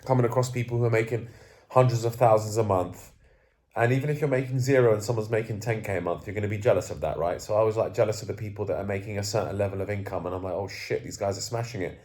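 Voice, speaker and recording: A man's voice: fairly low pitch, fairly even intonation, fast talker, a little mellow. A young man in a candid vlog who is groggy, sneezing and coughing, rambling and swearing as he runs himself down. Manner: rambling, self-deprecating, swears freely. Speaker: self-improvement coach. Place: indoors, sitting at home. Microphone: camera facing him.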